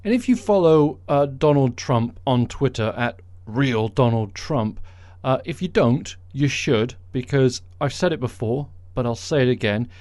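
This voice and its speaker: A man's voice: mid-range voice, lively intonation, unhurried, a little mellow, no echo. A man hosting a podcast, delivering a sarcastic, mocking political monologue. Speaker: podcast host.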